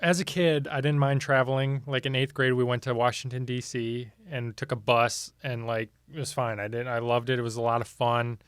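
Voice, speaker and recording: A man's voice: medium pitch, level tone, smooth, no room sound. Young midwest guy, medium voice, jokey storytelling banter, dry close mic. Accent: Midwestern American. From American Midwest. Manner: joking, storytelling, quick banter. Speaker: podcast co-host. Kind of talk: casual chat.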